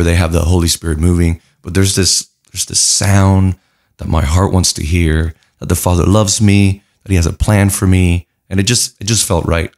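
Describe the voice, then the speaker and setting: Low-voiced pastor from Puerto Rico, earnest guest telling his story in lists. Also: a little mellow. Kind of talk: casual interview conversation.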